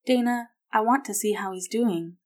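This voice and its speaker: A woman voicing a caring grandmother who speaks softly and reassuringly. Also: on the high side, normal speed, pitched above the performer's own voice, natural voice. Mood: gentle. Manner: soft-spoken, reassuring.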